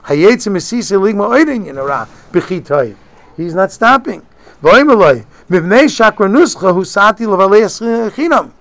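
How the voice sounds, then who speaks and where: Gravelly-voiced man teaching a text lesson. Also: high voice, expressive, a little fast, a bit bright. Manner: reads a Hebrew text line by line, then explains in English. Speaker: Torah teacher. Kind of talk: Talmudic-style lesson, reading and translating.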